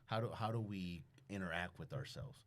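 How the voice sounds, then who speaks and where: A man chatting as a podcast guest, telling animated stories full of profanity and acting out everyday conversations. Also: sits low, normal speed. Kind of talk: casual chat, storytelling.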